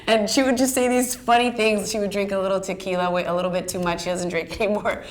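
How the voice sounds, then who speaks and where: An actress chatting about her work in an interview, telling stories in a lively way with plenty of fillers and laughs. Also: medium pitch, fast talker, slight background noise. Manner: chatty, animated storyteller with many fillers and laughs. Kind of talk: casual storytelling interview.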